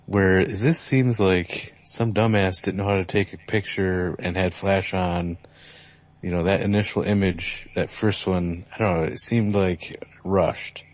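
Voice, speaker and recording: Stammering deep-voiced young man, crude. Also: fairly even intonation, unhurried. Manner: stammering, crude, repeats himself. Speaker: podcast co-host. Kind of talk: casual gaming chat.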